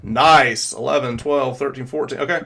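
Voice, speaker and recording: A man narrating as game master of a tabletop game, pausing often with fillers as he describes the action. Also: medium pitch, gravelly, fairly bright tone, a little hiss or hum. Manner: hesitant, filler-heavy narration.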